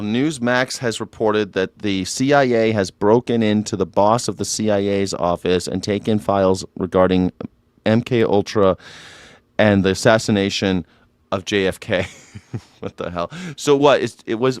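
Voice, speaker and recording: A man's voice: fairly low pitch, a little slow, smooth, no room sound, clean studio sound. A man hosting a live news reaction show, talking in a sarcastic, irreverent way and swearing freely.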